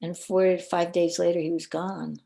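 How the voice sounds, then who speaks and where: A woman speaks as a podcast guest, her voice low-set and mellow. She tells personal stories with an earnest, animated delivery and often stumbles over repeated words. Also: normal speed, creaky. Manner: earnest, animated storyteller with frequent word repeats. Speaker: guest coach and minister. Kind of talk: personal storytelling in a podcast interview.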